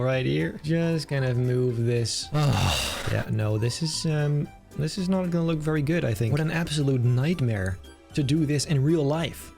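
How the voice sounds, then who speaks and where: A man giving casual, enthusiastic commentary as he builds in a game, chatty and self-mocking. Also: a little high. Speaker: gaming video creator.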